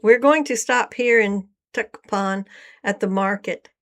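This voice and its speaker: Storybook: woman reads a wary traveling man, quiet warnings, smooth even tone. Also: mid-range voice, measured pace, natural voice. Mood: guarded.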